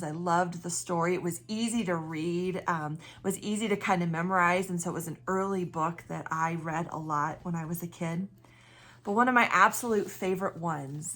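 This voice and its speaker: A woman pastor with a bright, clear tone speaks in a warm conversational sermon style. She asks her listeners direct questions and retells a story with lively energy. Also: on the low side.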